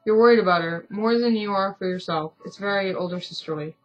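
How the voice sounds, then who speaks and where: Kind young steward from a story game, gentle and serious, read by a woman in her own middle-pitched voice. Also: brisk, highs cut off, soft background music, natural voice. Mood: earnest. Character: kind, earnest young male ship steward.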